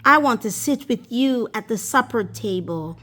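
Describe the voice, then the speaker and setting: A woman putting on a high, pleading little frog. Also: expressive, unhurried, bright, forceful tone, full character voice. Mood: demanding. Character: small ugly male frog, coaxing and demanding.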